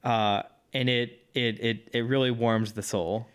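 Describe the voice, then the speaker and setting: A man's voice: medium pitch, steady tone, unhurried, smooth. A man co-hosting a podcast in casual chat, talking with nostalgic enthusiasm. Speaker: podcast co-host.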